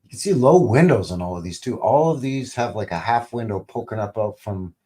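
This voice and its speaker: A man's voice: lowish voice, expressive, fairly quick, darkish tone. A man in his fifties hosting a casual live stream, commenting on old TV clips in a rambling way with joking asides and lots of fillers. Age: 50s. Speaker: channel host.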